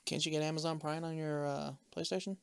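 Relaxed young man, slightly high voice. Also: fast talker, creaky, clear, resonant tone, no echo. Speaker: podcast co-host. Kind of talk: casual chat.

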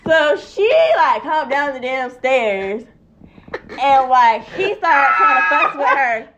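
Animated young woman telling a story. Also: high voice, takes it slowly, heavy background noise. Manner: animated storytelling, acts out quotes, swears freely. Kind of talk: casual chat. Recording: dull lo-fi recording.

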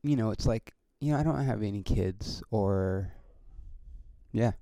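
A man's voice: lowish voice, a little slow, warm tone, no echo. A man hosting his own podcast, talking in a casual, rambling way with many restarts and frequent swearing. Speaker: podcast host and comedian.

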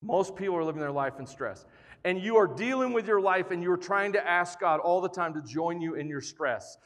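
A man with a fairly high voice preaches a sermon, playful and joking one moment, ramping up with emphatic energy the next. His voice rings with the long reverb of a large church hall. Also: animated, normal speed, fairly bright tone. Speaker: pastor.

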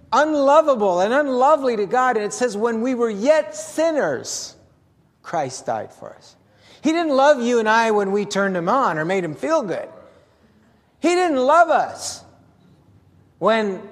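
An older man, a pastor, preaching a sermon with lively asides and questions to the congregation. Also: high voice. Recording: long hall reverb.

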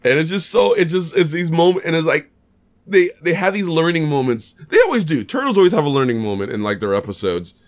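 A man hosting a podcast, chatting casually about a movie, animated and rambling, repeating himself often and restarting his sentences. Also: fairly high pitch, brisk. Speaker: podcast host. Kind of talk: casual movie review chat.

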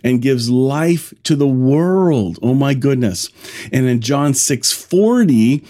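A man preaching a sermon and reading scripture, talking emphatically with exclamations and sudden rises and drops in pitch. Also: animated, slow, warm tone.

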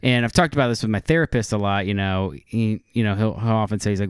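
A man's voice: fairly low pitch, quick pace, few pauses, smooth, no room sound, clean studio sound. A man co-hosting a podcast in casual, conversational chat, laughing often. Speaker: podcast co-host.

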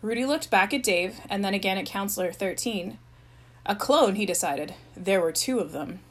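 A woman's voice: medium pitch, normal speed, rough recording. Woman reading a story aloud. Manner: even storytelling narration. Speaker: reader.

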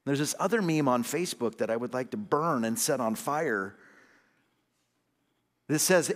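A man, an associate pastor, preaching a sermon with call-and-response amens, swinging between loud emphatic lines and low hushed ones. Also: very animated, measured pace, pauses often, in a large hall.

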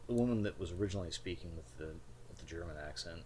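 A man narrating as game master of a tabletop game, relaxed and descriptive. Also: deep voice, fast, slight background noise.

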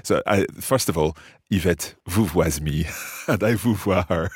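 A man's voice: low voice, a little slow, slightly rough, dry recording, studio quality. A man hosting a language lesson, steering the talk in a friendly manner and laughing often. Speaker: host and language teacher. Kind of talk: casual teaching chat.

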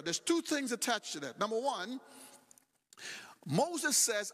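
A man's voice: high-pitched, very animated, a little slow, a bit bright. A middle-aged male pastor preaching a sermon in a church, talking animatedly and repeating phrases for emphasis. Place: church sanctuary. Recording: long hall reverb.

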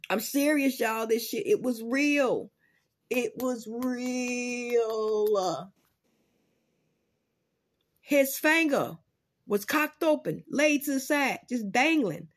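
Animated, profane woman talking to viewers. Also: high voice, measured pace. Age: adult parent. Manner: animated, profane, dramatic swings between loud outbursts and muttering. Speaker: vlogger. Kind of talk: casual commentary to viewers.

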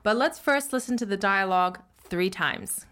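A woman co-hosting a language lesson, explaining sentence patterns in a relaxed, chatty way and slowing down sharply to model each Mandarin word. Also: mid-range voice. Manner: slows down and stretches Mandarin words for learners. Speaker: Mandarin teacher and co-host.

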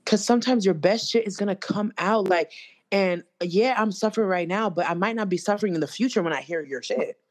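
A young woman co-hosting a casual chat, talking in an animated, slangy and blunt way. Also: mid-range voice, fairly quick. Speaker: co-host.

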